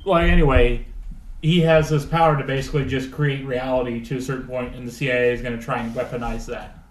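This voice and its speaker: A man's voice: mid-range voice, fairly even intonation, fast talker, a little hiss or hum. A man co-hosting a podcast in casual chat, laying out story ideas earnestly. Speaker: podcast co-host. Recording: roomy echo.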